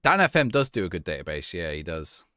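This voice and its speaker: Young man, live game streamer, lively pitch, dry close sound, rambling chat. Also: fast, dry recording. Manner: chatty, rambling, laughs easily. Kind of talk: casual gameplay commentary, reading chat.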